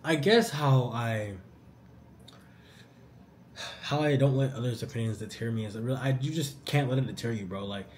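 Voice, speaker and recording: A young man answering viewer questions in a casual vlog, animated and slangy. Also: mid-range voice, normal speed, long pauses, slight background noise. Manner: animated, slangy, says "bro" often.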